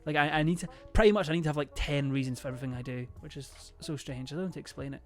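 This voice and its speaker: A young man talks to his stream viewers in a loose, rambling way. He hesitates often, leans on fillers and swears freely. His voice sits a little high, and soft music plays faintly underneath. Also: very fast. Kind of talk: casual stream chat.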